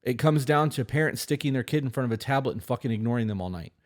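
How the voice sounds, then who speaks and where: A man co-hosting a casual advice podcast, blunt and emphatic, with frequent swearing. His voice sits at an ordinary middle pitch for a man. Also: expressive, quick pace. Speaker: podcast co-host.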